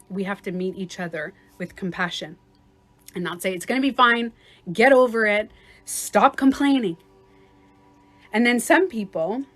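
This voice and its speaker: Chatty woman life coach on a livestream. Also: medium pitch. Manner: chatty, laughs often, acts out little scenarios. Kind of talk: casual livestream coaching talk.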